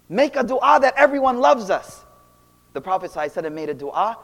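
A young man giving a casual, animated Islamic talk full of slang, swinging between loud and quiet. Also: sits high, quick pace, vocal fry. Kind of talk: casual storytelling lecture. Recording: long reverb of a hall.

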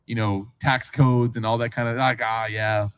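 Smooth and flat in delivery, this male voice sits at medium pitch and keeps a moderate pace, with no echo. An Islamic preacher, he gives a conversational storytelling sermon, casually acting out dialogue and asking the audience questions.

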